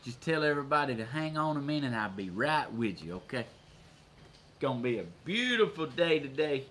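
A man with a Southern US accent hosting a casual livestream, folksy and quick to laugh as he chats with viewers. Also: medium pitch, sing-song, a bit bright, a little hiss or hum. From Georgia, USA. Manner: folksy, laughs often, reads out viewer comments. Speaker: livestream host. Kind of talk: casual live chat with viewers.

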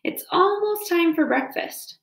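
A woman's voice: very high voice, lively intonation, unhurried, vocal fry, voice pushed up, full character voice. A woman reading aloud and voicing a hungry, sly male fox who growls and sneers. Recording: roomy echo.

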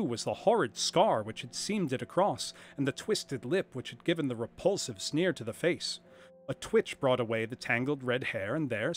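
A man reading a classic detective story aloud on a livestream, in a measured, expressive narration. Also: mid-range voice.

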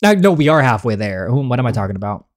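Woman gaming YouTuber, animated and self-mocking, with a lively voice. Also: extremely low pitch, quick pace. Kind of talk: reading and reacting to a story game.

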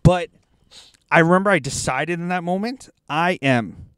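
A man rants his way through a story in casual chat, cursing often. His voice sits a little higher than most men's. It is recorded close and dry inside a car. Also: normal speed, fairly bright tone, smooth, dry recording. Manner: profane, ranting storyteller. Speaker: podcast co-host.

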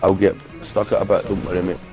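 A man's voice: sits low, flat delivery, fast, music in the background. A Scottish man gaming with a friend, talking in laid-back, easygoing banter. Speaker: gamer streaming with a friend.

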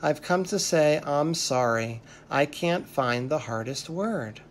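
A storyteller voicing a huge, excitable male purple bird in a children's story, with a bouncy sing-song chant. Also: medium pitch, slow, slight background noise. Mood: sad.

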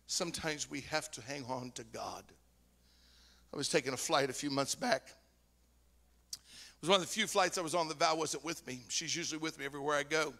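A man, preaching a sermon as a guest speaker, telling stories with animation and rising to shouts. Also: on the high side, a little fast, pauses often, in a large hall. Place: church sanctuary.

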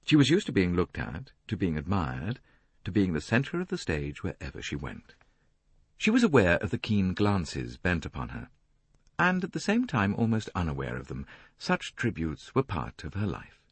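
Male narrator, very low voice, husky, hugely varied intonation, dry close studio sound. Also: no echo. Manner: measured, richly expressive reading. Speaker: audiobook narrator. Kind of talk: scripted narration. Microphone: close studio mic.

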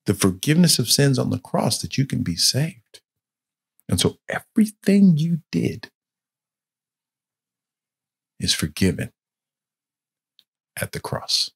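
A man teaching a church Bible study with a slightly husky, breathy tone. His delivery is highly animated, climbing into urgent shouts at the story's peak and sinking to quiet, grave phrasing. He stumbles and repeats words when groping for a thought. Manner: dramatic storytelling, rising to shouts and dropping to hushed tones.

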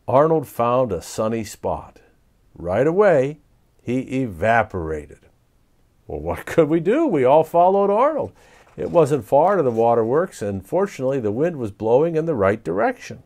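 A man reading a children's storybook aloud in an animated, expressive way. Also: medium pitch, moderate pace. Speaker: storybook reader.

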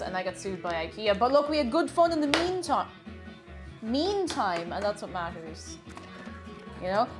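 Chatty baking streamer, young woman, bright higher voice with lively swings. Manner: bubbly, chatty, repeats her phrases, greets chatters by name. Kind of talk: casual live-stream chat while baking.

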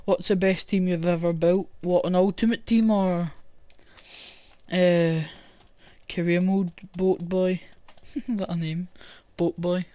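Male gamer, unhurried rambling commentary, swears freely, dry close sound. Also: sits high, flat delivery, dark tone, no echo. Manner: rambling, sweary, chatting to live viewers. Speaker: gaming channel host. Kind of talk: casual gameplay commentary.

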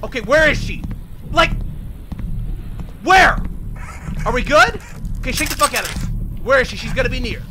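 A man doing excitable, profane let's play commentary on a horror game, yelling at the game and talking to viewers as "y'all". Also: extremely high pitch, normal speed, pauses often, slight background noise. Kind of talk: casual gameplay commentary. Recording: game music loud behind the voice. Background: horror game music.

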